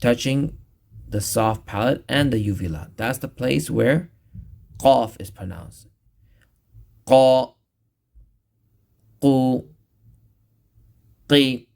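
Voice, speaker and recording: Slow, gravelly man teaching recitation. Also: mid-range voice, expressive, darkish tone. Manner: patient, repeats each sound slowly. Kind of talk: recorded tajweed lesson.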